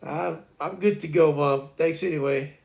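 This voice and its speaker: A man voicing a stubborn, cheeky unborn baby boy who refuses to leave the womb, with a gravelly edge. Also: on the high side, steady tone, normal speed, a little mellow.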